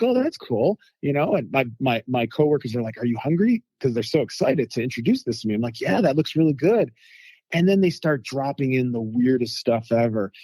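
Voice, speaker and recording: A man telling lively food anecdotes as a guest in a casual interview, acting out quotes from people he met. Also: medium pitch, no echo. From United States. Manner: animated anecdotes with quoted voices.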